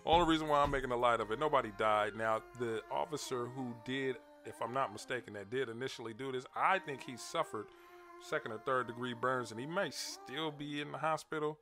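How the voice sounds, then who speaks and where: A man's voice: mid-range voice, fairly quick, bright, forceful tone. Laid-back man chatting over faint music. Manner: laid-back, laughing, repeats words, addresses viewers directly. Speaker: commentary channel host. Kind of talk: casual video commentary.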